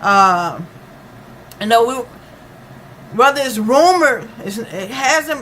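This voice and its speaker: A woman giving an unscripted true-crime monologue from her notes, halting and full of "uh" and "you know" fillers. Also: on the high side, expressive, fairly bright tone, slight background noise, low-quality recording. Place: lives in Dallas.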